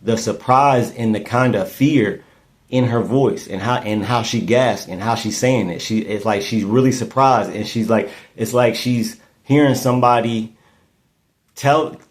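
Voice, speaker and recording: A man's voice: medium pitch, measured pace. A man hosting a casual true-crime commentary podcast, thinking aloud and often repeating and restarting his words. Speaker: podcast host.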